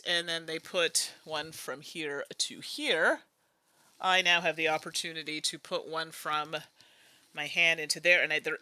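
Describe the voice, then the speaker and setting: Woman, board game host, very bright voice, animated pitch, chatty thinking aloud, dry close sound. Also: no echo. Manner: chatty, muses aloud, hums and laughs between moves. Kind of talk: casual think-aloud playthrough.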